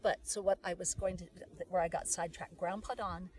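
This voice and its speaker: A middle-aged woman guest explaining something step by step in a casual talk, acting out quoted lines loudly. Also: lowish voice, steady tone, brisk. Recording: voice from some distance off the mic.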